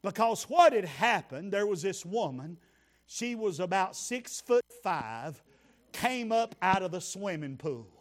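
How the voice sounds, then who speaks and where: Preacher man, high voice, slow folksy storytelling that climbs to shouting. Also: very animated. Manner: folksy, builds to shouted praise. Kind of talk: humorous storytelling sermon.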